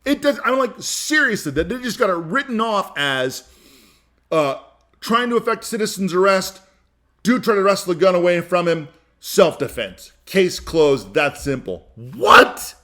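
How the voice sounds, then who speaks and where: A man's voice: sits high, lively intonation, moderate pace, a bit bright. A man hosting a podcast, giving a heated, emphatic opinion monologue in which he often repeats himself and restarts. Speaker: podcast host.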